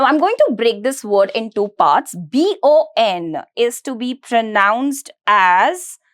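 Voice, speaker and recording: A woman teaching a pronunciation lesson, breaking words into syllables and repeating each one slowly. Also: fairly high pitch. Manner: slow, syllable-by-syllable with repeated drilling. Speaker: language teacher.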